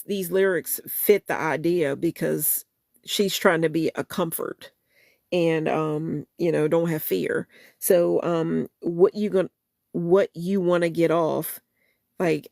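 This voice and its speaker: Gravelly, casual woman host. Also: deep voice, a little mellow, dry recording, clean studio sound. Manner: rambling, repeats and restarts phrases. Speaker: channel host. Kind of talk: casual livestream chat, reading lyrics.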